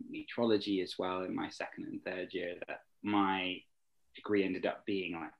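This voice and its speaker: Man, young adult, casual interview guest, eager and rambling, somewhat low voice. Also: fairly bright tone, lo-fi sound. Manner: enthusiastic, rambling with fillers.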